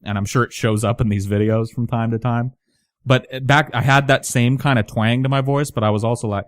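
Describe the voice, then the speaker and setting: A man's voice: mid-range voice, moderate pace, smooth, no echo, studio quality. A man in his thirties with a light Southern twang, rambling casually and self-mockingly to his channel, swearing often. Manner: rambling, profane, self-mocking, many restarts. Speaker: channel host. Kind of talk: casual monologue to camera.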